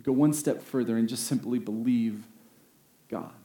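A man's voice: mid-range voice, dark tone. Earnest male pastor preaching in an echoey room. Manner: earnest, building to emphatic peaks with slowed key phrases. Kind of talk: sermon. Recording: roomy echo.

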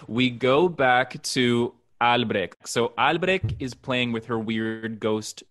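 A man of middle pitch co-hosting a casual podcast. He narrates film scenes playfully, acting out the characters and dropping in Spanish phrases. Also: slow, fairly bright tone. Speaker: podcast co-host. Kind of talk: casual chat recapping a horror film.

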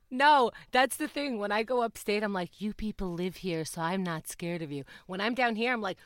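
A woman's voice: moderate pace, no echo. Exasperated laughing woman podcast co-host. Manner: laughing, jumps to high pitch when exasperated. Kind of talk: casual chat.

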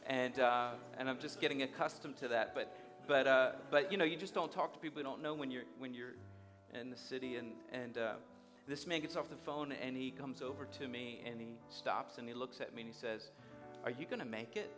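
A man's voice: medium pitch, fairly even intonation, fairly quick, hardly any pauses, music in the background. A man preaching a sermon, telling a personal story and acting out the dialogue. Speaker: guest speaker.

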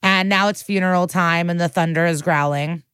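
A woman's voice: lowish voice, steady tone, normal speed, fairly bright tone, smooth, no room sound, studio quality. A woman co-hosting a podcast, recapping a TV episode in a chatty, profane way and acting out the characters' lines. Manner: chatty, profane, acts out quotes. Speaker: podcast co-host.

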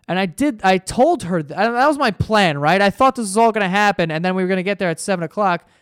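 Young man, podcast host, casual storytelling, profane, animated, fairly high voice, smooth clear tone, dry close sound. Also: dry recording.

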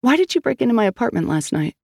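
A man reading an audiobook, voicing a blunt, demanding female police detective with sharp questions. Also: extremely high pitch, big pitch swings, fast talker, gravelly, husky, dry recording, studio quality, pitched above the performer's own voice, full character voice.

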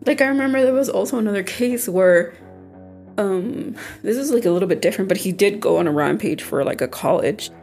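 A woman's voice: mid-range voice, animated, fairly quick, a little mellow, faint music behind. A young woman co-hosting a podcast, chatting casually with many fillers and restarts. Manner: conversational, loose, with frequent fillers and restarts. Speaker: podcast co-host. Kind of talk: casual chat.

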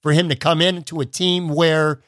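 A man's voice: fairly high pitch, flat delivery, moderate pace, fairly bright tone, dry recording, clean studio sound. A man hosting a podcast, asking long, chatty, run-on questions. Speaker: podcast host. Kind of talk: casual interview questions.

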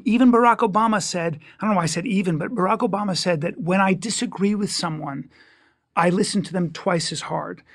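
A man in his fifties, a comedian guest in casual chat, talking in an animated, joking way with quick restarts. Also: sits high, vocal fry, dry recording, clean studio sound. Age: 50s.

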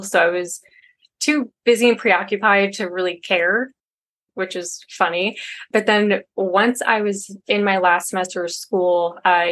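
A woman, a podcast guest, talking in casual chat and quoting others in a lively way. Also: mid-range voice.

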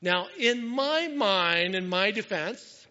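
A pastor telling a story in a sermon, animated and self-mocking, acting out what people said. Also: male voice, high-pitched, slow, big-room sound, highs cut off.

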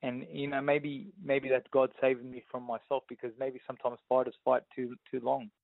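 A man's voice: medium pitch, normal speed, vocal fry, no room sound. Australian man telling stories over a tinny line. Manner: animated storyteller, frequent "you know what I mean". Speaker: guest boxer. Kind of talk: casual interview storytelling. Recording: dry tinny phone-like sound.

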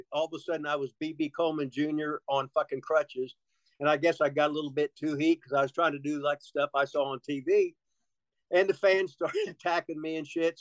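A man's voice: a little high, no room sound, low-quality recording. A man telling rambling, profane stories as a guest in a casual interview, laughing often.

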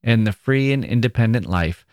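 A man, a podcast host, reading a classic short story aloud in a measured storytelling manner. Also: mid-range voice, a little mellow, dry recording, clean studio sound. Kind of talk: literary reading.

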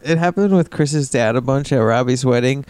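A man's voice: medium pitch, normal speed, a little mellow, clear, resonant tone, dry recording. A man co-hosting a casual podcast, laid-back and teasing, answering with short replies and easy laughs. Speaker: podcast co-host. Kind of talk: casual chat.

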